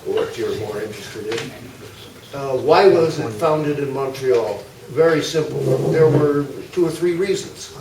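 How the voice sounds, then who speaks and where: An older man giving an informal, anecdotal history talk to a club audience, pausing often with fillers and asides. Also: mid-range voice. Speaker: guest speaker. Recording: echoey hall, mic far off, faint noise.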